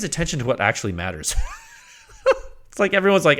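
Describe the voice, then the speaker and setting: A male podcast host talks in a loose, rambling monologue, his pitch swinging widely as he gets worked up. He laughs often and acts out little quoted exchanges, restarting sentences as he goes. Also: moderate pace, pauses often. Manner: animated, laughing often, exasperated rants.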